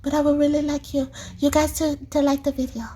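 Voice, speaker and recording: A woman's voice: high-pitched, flat delivery, a little fast, warm tone, voice pushed up, natural voice. Woman putting on her late mother's shy spirit. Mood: shy, teasing.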